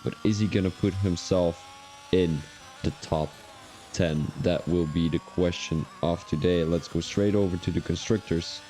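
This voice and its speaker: A man with a low, mellow voice calls a sim racing qualifying session in casual live-stream style. He chats loosely and wanders off into personal asides between updates on lap times. A faint hiss sits behind him. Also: fairly even intonation, unhurried. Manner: chatty, drifts into rambling personal asides. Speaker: sim racing league commentator.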